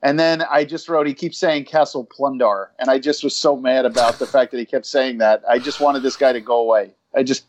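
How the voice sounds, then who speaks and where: A man's voice: mid-range voice, fairly even intonation, brisk, hardly any pauses, muffled recording. A man co-hosting a wrestling podcast in casual chat, rambling and swearing with self-deprecating humor. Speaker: podcast co-host.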